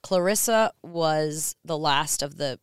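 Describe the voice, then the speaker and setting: A woman in her fifties with a New York accent, telling stories quickly as a podcast co-host in casual chat. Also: low-pitched, smooth, no room sound, clean studio sound. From United States. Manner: fast-talking storyteller.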